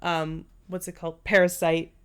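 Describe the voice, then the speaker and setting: A woman's voice: on the low side, normal speed, clear, resonant tone. A young woman co-hosting a podcast, telling stories in casual, profane chat into a podcast microphone. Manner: profane, animated storyteller. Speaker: podcast co-host.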